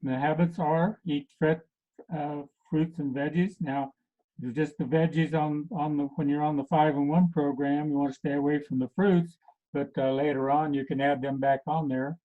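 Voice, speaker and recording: A man acting as a health coach, giving a casual talk to a group and pausing often with many fillers. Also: on the high side, steady tone. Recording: tinny phone-like recording.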